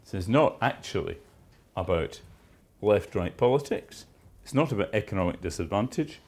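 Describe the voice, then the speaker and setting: A man's voice: lowish voice, expressive, normal speed, a little mellow. A man giving a university lecture, with dry, wry asides and emphatic stresses on key words. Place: lecture theatre.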